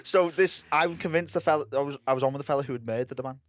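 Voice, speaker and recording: A man's voice: a little high, racing. A man guesting on a comedy podcast, telling a rambling story full of restarts. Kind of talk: casual comedy podcast anecdote.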